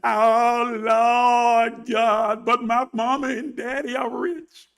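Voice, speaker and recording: A man's voice: very high voice, level tone, slow pace, fairly bright tone, smooth, exaggerated voice. A man voicing a groveling, self-pitying churchgoer who begs and wails for blessings. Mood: wailing pleading. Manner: whining, wailing pleas.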